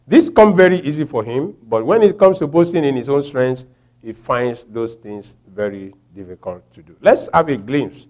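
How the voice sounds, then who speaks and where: A man preaching a sermon, quoting scripture and asking the congregation rhetorical questions, swinging from quiet reflection to loud emphasis. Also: mid-range voice.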